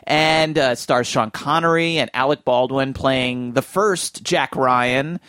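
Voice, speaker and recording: A man's voice: mid-range voice, slow, a bit bright, smooth, dry recording, studio quality. A man hosting a casual film discussion, chatty and enthusiastic as he thinks aloud. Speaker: film podcast host.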